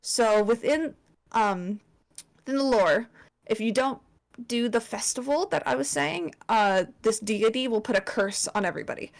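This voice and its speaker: A woman's voice: fairly high pitch, moderate pace, creaky. A young woman presenting a slideshow to friends in casual chat, swearing often and filling with likes and ums. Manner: chatty, swears, lots of fillers.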